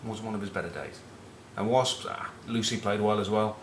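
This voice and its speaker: In a brisk, lowish voice, this middle-aged northern English man with a Northern English accent rambles through casual rugby chat. A former captain, he fills it with cheeky, sweary match talk and anecdotes. The recording is reverberant, with a touch of background noise.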